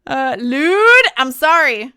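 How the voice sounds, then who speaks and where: A woman's voice: high-pitched, sing-song, slow pace, sharp tone. A young woman streaming live, chatting casually with her viewers, laughing often, and reading out horror files. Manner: giggly, chatty, reacting to chat.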